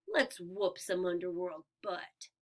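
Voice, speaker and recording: A woman voicing a young boy hero who speaks in a low-key, slightly hesitant way. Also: slow, a little mellow. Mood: wary.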